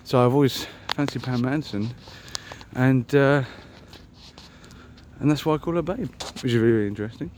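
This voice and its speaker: A man's voice: medium pitch, moderate pace, a little mellow, a little hiss or hum. A man musing aloud on a solo podcast, meandering and self-mocking, with many ums and restarts. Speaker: podcast host. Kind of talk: rambling solo podcast chat.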